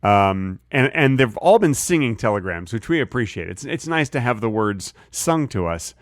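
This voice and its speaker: A man co-hosting a comedy podcast, bantering in a deadpan, absurd way and acting out little voices in his stories. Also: medium pitch, normal speed, no room sound, studio quality. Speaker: podcast co-host.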